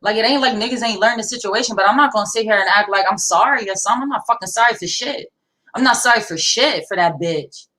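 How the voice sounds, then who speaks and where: A woman's voice: medium pitch, fast talker, bright, forceful tone, rough recording. A young woman, talking bluntly and defiantly with heavy profanity in a casual livestream discussion. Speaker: livestream co-host.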